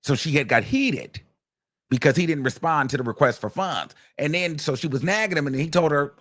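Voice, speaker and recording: A man hosts a casual commentary, recapping events in a chatty, gossipy way. His voice sits somewhat high and moves through a wide, lively range. The sound is close and dry, with no room around it. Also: brisk, no echo. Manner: animated, gossipy, acts out quoted texts in a raised voice. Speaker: commentary host.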